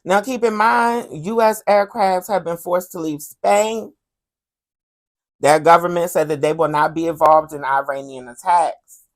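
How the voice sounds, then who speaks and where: A woman with a voice on the low side hosts a commentary podcast, talking about current events at an unhurried pace. She's sassy and animated, and keeps calling the listener "honey."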